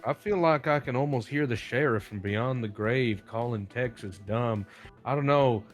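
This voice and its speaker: A man's voice: mid-range voice, normal speed, soft background music, voice pushed down, lightly acted. A man voicing a crude, jeering frontier townsman in a murder mystery role-play.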